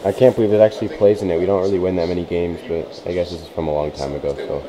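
A man vlogging with a handheld camera as he walks a museum hall, gushing with excitement. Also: low-pitched, very fast, crowd noise. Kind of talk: casual vlog commentary. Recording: noisy background.

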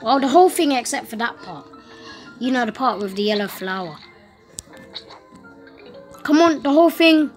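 A woman giving casual gameplay commentary at home, excitable and panicky, repeating words in quick bursts. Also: fairly high pitch, faint music behind.

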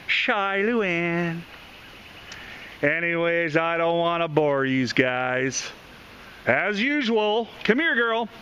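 A man's voice: expressive, extremely slow, long pauses, sharp tone, muffled recording, slight background noise. A man vlogging casually outdoors on a walk, playfully cooing and calling to his dog. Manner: playful, coos and calls to his dog in a high voice.

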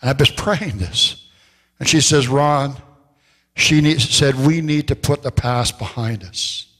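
A man pastor preaching a sermon, telling stories and slowing down to stress key phrases. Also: fairly bright tone. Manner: storytelling preacher, rises in pitch for quoted voices, slows for emphasis. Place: church sanctuary. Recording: long church hall reverb.

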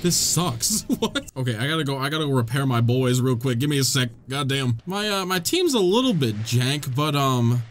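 A young man giving excitable, swearing let's play commentary, his voice jumping high when the game gets tense. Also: normal speed, few pauses, a little hiss or hum. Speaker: gaming YouTuber.

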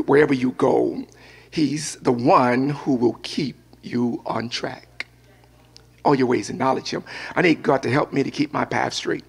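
An older male pastor delivers a sermon. His voice is gravelly and a little husky, set at an ordinary pitch. He moves easily from reading scripture into telling a personal anecdote. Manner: storytelling preacher, mixes scripture with personal anecdote.

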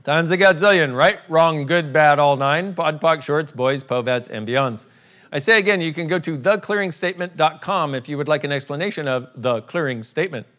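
A man's voice: on the high side, normal speed, fairly bright tone. A man leading a live workshop for an audience, irreverent and playful, joking, swearing and laughing as he talks. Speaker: workshop facilitator.

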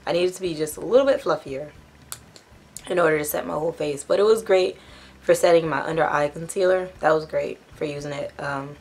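A woman's voice: deep voice, a little fast, husky. A congested young woman reviewing a beauty box in a casual, rambling chat with self-corrections. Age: young adult. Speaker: beauty vlogger.

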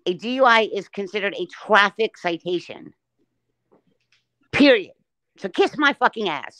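A woman's voice: medium pitch, lively intonation, measured pace, pauses often, fairly bright tone, dry recording. A woman on a casual livestream chat, blunt and profane as she rants. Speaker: livestream guest.

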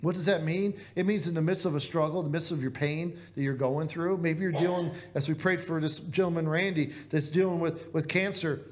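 A man's voice: fairly high pitch, fairly even intonation, a little fast, hardly any pauses. A man with a Midwestern American accent preaching a sermon in a church, earnest and conversational, asking the congregation rhetorical questions. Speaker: pastor.

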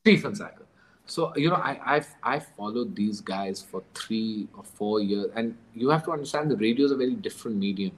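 A man's voice: on the low side, animated, a little fast, rough recording. A man, a guest author, telling a story in conversation, acting out dialogue and laughing often. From Pakistan.

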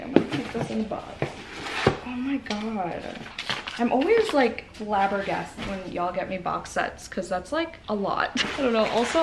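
Casting note: excitable young woman, casual vlog chat, camera propped on a coffee cup, audible background noise. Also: medium pitch, gravelly. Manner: gushing, excitable, swears casually. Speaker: booktuber. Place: at home, unboxing book mail.

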